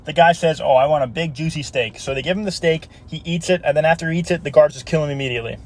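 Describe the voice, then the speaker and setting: Guy talking super fast telling a joke story, kinda high voice. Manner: casual storytelling with put-on voices.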